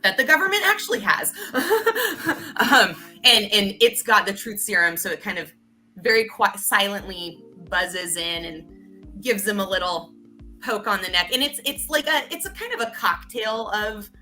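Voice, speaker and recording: A woman's voice: mid-range voice, expressive, normal speed, pushed and bright, soft background music. A woman playing a tabletop game, talking in a rambling, giggly way full of fillers. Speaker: player. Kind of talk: casual tabletop role-play.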